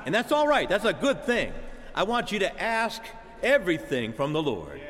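A man delivers a sermon in a high, lively voice that climbs and falls widely. He calls out to the congregation as "church" and asks for an amen. The sound carries a long reverb from a church hall. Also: normal speed. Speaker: preacher.

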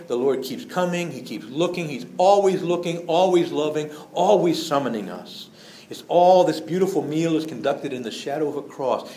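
Priest, male, mid-pitched, earnest conversational sermon, recorded in an echoey church. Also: darkish tone, a little hiss or hum. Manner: earnest, conversational preaching with quoted voices.

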